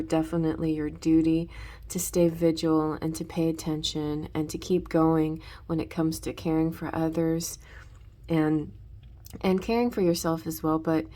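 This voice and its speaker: A woman with a fairly low voice talks through a tarot reading. She rambles loosely, circling back with restarts and small fillers as she thinks aloud. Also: warm tone. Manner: rambling, many restarts and "you know". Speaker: tarot reader.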